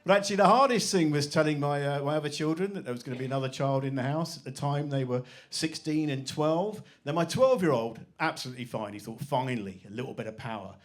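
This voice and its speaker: A man's voice: a little high, fast, few pauses. A man in his forties doing a stand-up comedy set on a club stage, swearing freely and acting out his family's lines. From England. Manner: swearing, acts out quoted voices of his family.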